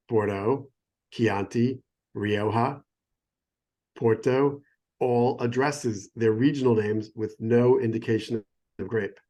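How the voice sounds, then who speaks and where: A middle-aged American man works as a sommelier and talks in a relaxed, enthusiastic way. He rambles and keeps breaking off his own sentences. His voice sits in an ordinary middle pitch. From United States. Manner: enthusiastic, digressive, self-interrupting. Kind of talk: casual explanatory chat. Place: phone or remote call.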